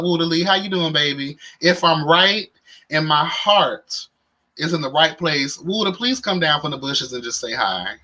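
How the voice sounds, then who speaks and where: A man hosts a casual livestream, his voice bright and forceful and sitting a little high. He talks to his viewers in a sassy, playful way and sounds tired. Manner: sassy and playful, calls viewers "child" and "honey". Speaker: livestream host.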